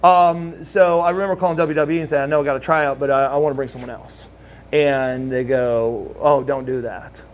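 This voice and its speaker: A man's voice: on the high side, fairly even intonation, brisk, slight background noise. A middle-aged man with a Southern US accent telling rambling anecdotes in a casual interview, restarting phrases and laughing now and then. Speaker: interview guest, former wrestler.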